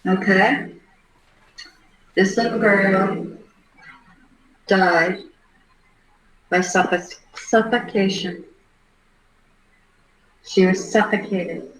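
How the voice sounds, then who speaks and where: A middle-aged woman hosting a livestream, giving a halting, earnest case commentary. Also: mid-range voice, steady tone. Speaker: livestream host. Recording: roomy echo.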